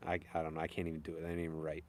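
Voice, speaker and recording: A man's voice: extremely low pitch, completely flat delivery, very fast, darkish tone. A young man chatting casually and rambling on a live stream, chuckling often. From upstate New York. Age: young adult. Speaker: chainsaw carver hosting a live stream.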